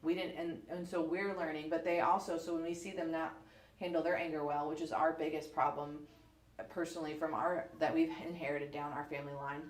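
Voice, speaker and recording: A woman in her thirties from the United States, chatting casually as a podcast co-host, telling stories in an animated way with lots of fillers. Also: sits low, fairly quick. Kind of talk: casual book club chat. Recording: echoey room.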